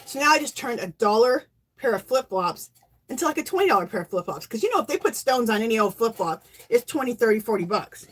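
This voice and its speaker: A woman hosting a crafting channel, talking in a chatty, rambling, excitable way as she shows off her makes. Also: fairly high pitch, fast, slightly rough. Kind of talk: casual show-and-tell chat.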